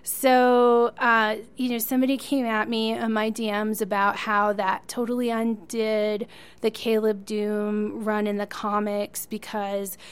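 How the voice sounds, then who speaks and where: A woman's voice: mid-range voice, level tone, measured pace, clean tone. A woman co-hosting a podcast, chatting enthusiastically as a fan and laughing often. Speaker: podcast co-host. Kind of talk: casual chat.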